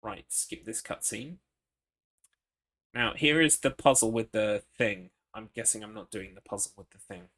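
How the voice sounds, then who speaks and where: A man's voice: on the low side, moderate pace, a bit bright. A man with an English accent streaming a horror game from his computer. He chats with viewers, answers questions from chat and swears now and then. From England. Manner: chatty, swears, reads chat aloud and answers it. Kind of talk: casual gaming commentary.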